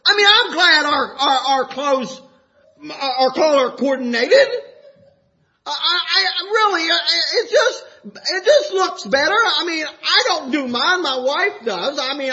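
A man's voice: very high-pitched, animated, unhurried, sharp tone. A man preaching a sermon from scripture, folksy and chuckling, rising into fervent exhortation. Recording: dull lo-fi sound.

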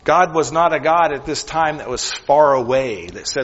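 Male pastor, earnest sermon delivery with long pauses, fairly high husky voice, dull recording in a reverberant sanctuary. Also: expressive. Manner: earnest, with deliberate pauses; drops to near whisper for emphasis.

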